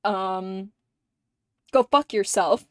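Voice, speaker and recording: A woman streamer chatting casually with her viewers, animated and profane, laughing often and acting out quotes in squeaky voices. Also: drawn-out words, no room sound, clean studio sound.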